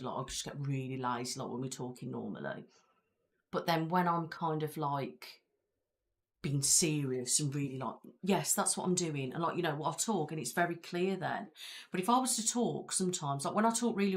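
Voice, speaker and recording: Low-voiced chatty British woman. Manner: rambling, chatty, reads viewer comments aloud. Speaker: ASMR channel host. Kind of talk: casual live-stream chat. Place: seated at home in a chair with her feet up.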